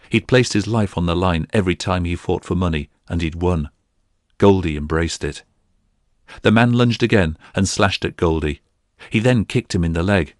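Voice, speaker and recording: A man narrating a fantasy audiobook in a steady storytelling delivery. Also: low-pitched, no echo, clean studio sound.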